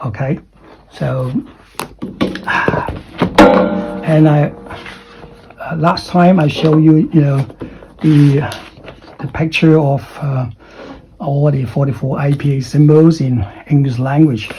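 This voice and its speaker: A man teaching English pronunciation. He repeats letters and sounds over and over, swings his pitch up and down to show stress, and keeps checking in with "okay?". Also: steady tone, measured pace, warm tone, slight background noise, low-quality recording. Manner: drills sounds by repeating them, with exaggerated rising and falling pitch; frequent "okay?" and "you know" check-ins. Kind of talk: pronunciation lesson.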